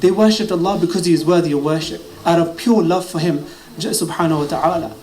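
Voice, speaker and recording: Fast-talking British preacher in an echoey hall. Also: male voice, fairly high pitch, a little mellow. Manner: quoting Arabic narrations and translating them. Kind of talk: sermon. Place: mosque gathering hall. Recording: echoey hall with faint ambient noise.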